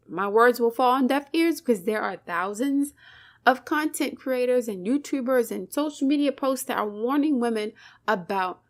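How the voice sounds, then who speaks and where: Fired-up woman preaching commentary. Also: on the high side. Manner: emphatic, preachy, rhetorical questions, swears. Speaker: channel host, commentator. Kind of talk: impassioned commentary monologue.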